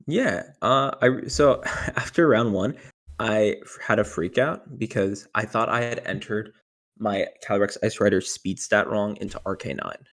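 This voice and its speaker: Low-voiced young man, rambling and animated. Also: measured pace. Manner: rambling, heavy use of "like", animated when retelling panic. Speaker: tournament winner guest. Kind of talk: casual interview about competitive play.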